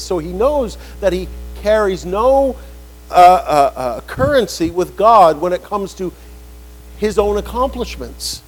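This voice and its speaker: Through poor audio, a man with a high voice for a male delivers an animated sermon. He voices the people he quotes and drives key lines upward for emphasis.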